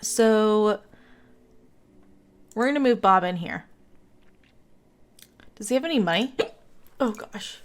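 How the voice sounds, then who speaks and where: A woman's voice: mid-range voice, lively intonation, takes it slowly, pauses often. A young woman streamer giving casual gameplay commentary, hiccuping often, giggling and apologizing.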